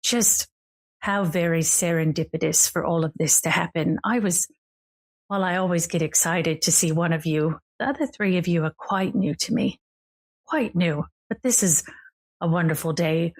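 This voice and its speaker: Woman voicing a cocky smirking man, smug drawl, flattering, raised pitch, tabletop game. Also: moderate pace.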